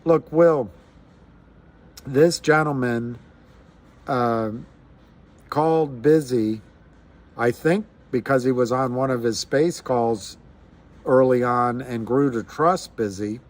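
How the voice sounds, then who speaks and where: A man's voice: mid-range voice, darkish tone. A man hosting a casual livestream, musing aloud in a rambling way with frequent restarts. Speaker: livestream host.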